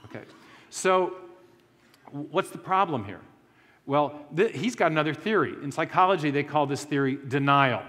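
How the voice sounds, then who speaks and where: A man's voice: on the high side, animated, normal speed, a bit bright, big-room sound. A man giving a conversational lecture to a live audience, with joking asides and frequent restarts.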